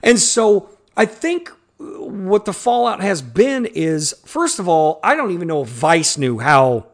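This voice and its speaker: A man's voice: sits high, very animated, a little slow. A man co-hosting a podcast in casual chat, heated and profane, acting out quotes as he talks. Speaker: podcast co-host.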